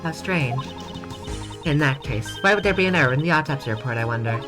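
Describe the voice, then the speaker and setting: A composed female judge from a video game, read by a woman. The delivery is formal and steady, in a low voice, with game music clearly behind. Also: fairly quick.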